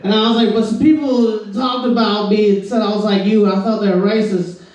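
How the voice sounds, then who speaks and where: High-voiced Southern man doing stand-up. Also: fairly even intonation, brisk, a little mellow, distant mic. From Florida. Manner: rambling, laid-back, keeps saying "bro". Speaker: stand-up comedian. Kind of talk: stand-up comedy set. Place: comedy club stage. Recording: echoey room, mic from afar.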